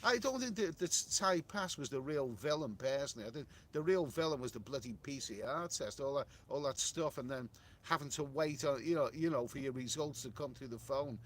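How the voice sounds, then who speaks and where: A man's voice: mid-range voice, expressive, brisk. A middle-aged man hosting a casual live stream, reading viewer comments aloud and answering in a rambling way, with many repeated words and restarts. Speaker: travel livestream host reading viewer chat. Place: hotel room.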